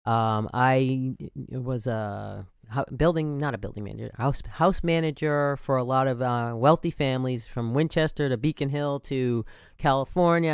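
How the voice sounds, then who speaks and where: A man's voice: medium pitch, smooth, dry recording, studio quality. A man around sixty hosting a podcast, talking in a casual, rambling monologue full of restarts and self-corrections. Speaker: podcast host.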